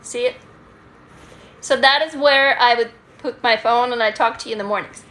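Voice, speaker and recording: Reading viewer comments at normal speed during a casual livestream, a Russian woman who grew up speaking Russian talks into a handheld phone while sitting on the couch in her home office. She has a high, sharply bright voice and a frank, chatty style full of restarts and free swearing.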